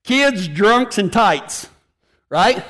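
A man's voice: high voice, expressive, extremely slow, a bit bright. A man preaching a sermon, telling folksy, joking stories and laughing at his own punchlines. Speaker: pastor. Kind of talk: storytelling sermon.

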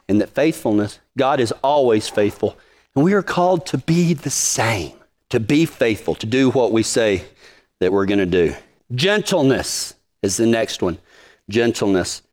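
A man preaching a sermon to his congregation in a folksy, joking manner, swinging from low and quiet to high and emphatic. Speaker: preacher of a cowboy ministry.

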